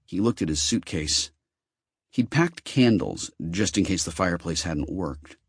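A man's voice: deep voice, expressive, a little slow, breathy edge, dry recording, studio quality. A man narrating a novel as an audiobook, reading expressively.

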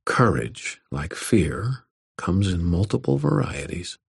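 With a very low, husky voice, a male audiobook narrator reads a first-person story evenly and at a measured pace. The sound is close and dry, free of any room echo.

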